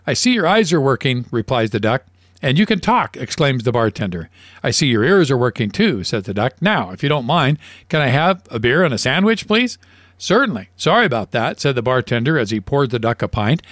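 A man's voice: medium pitch, no room sound, studio quality. A man co-hosting a casual radio show, telling announcements. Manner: lively storyteller, animated dialogue. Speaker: radio co-host.

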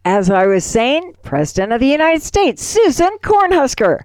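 A woman's voice: sits high, big pitch swings, moderate pace, darkish tone, dry recording, studio quality. A woman co-hosting a radio show, chatting casually and telling jokes with a playful, easy laugh. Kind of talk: casual chat and joke telling.

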